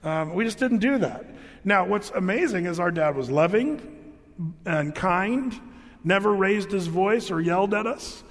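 A middle-aged pastor with a voice high for a man delivers a sermon as loose, conversational storytelling, expressive and unhurried. He often starts his sentences over, and the long reverb of a large church hall surrounds his words.

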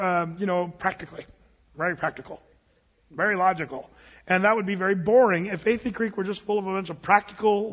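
A middle-aged male pastor with a husky voice, preaching in a conversational, joking way and often repeating his words. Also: high-pitched, a bit bright. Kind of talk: sermon. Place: church sanctuary. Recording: dull hall reverb.

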